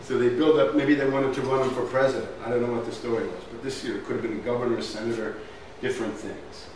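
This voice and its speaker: A man's voice: medium pitch, steady tone, quick pace. A man lecturing, emphatic and fond of rhetorical questions, recorded from far off in a strongly echoing hall. A faint room hum sits under his mid-range voice. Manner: emphatic, asks rhetorical questions, says "right?" often. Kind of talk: historical lecture with slides.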